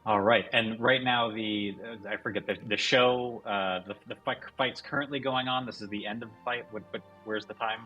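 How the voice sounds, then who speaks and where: A man playing a tabletop game who describes his moves in a halting way, repeating words. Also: fairly low pitch, steady tone, husky, lo-fi sound, soft background music. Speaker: player.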